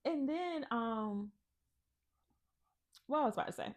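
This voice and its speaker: A woman co-hosting a podcast, talking in a relaxed, rambling way with fillers. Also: fairly high pitch, measured pace. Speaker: podcast co-host. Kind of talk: casual chat.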